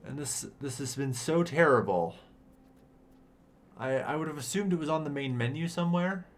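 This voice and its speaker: A young man streaming a strategy game, ranting and swearing in loud exasperated bursts, then muttering to himself. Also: fairly high pitch, animated, normal speed. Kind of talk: casual game stream commentary.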